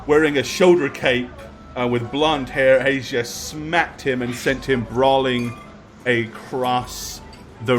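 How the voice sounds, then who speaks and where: Lively man narrating as dungeon master. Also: medium pitch. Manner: lively storytelling with filler words. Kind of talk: narrating a tabletop game and show outro.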